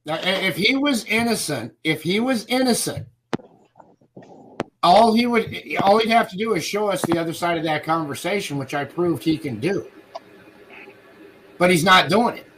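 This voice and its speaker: A man's voice: high-pitched, expressive, normal speed, long pauses, fairly bright tone, a little hiss or hum, rough recording. A man hosting a live stream debate, blunt and profane, cutting in on others often. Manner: blunt, profane, interjects constantly. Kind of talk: heated online debate.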